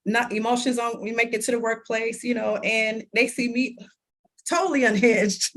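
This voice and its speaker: A woman in her thirties, an interview guest, telling a personal story in lively conversation, laughing often and acting out what people said. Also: a little high, normal speed. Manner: animated, laughs often, acts out quoted dialogue.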